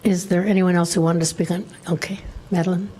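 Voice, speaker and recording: Woman running a city committee meeting, kinda low voice, brisk, faint room hum. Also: little pitch movement, warm tone. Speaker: committee chair.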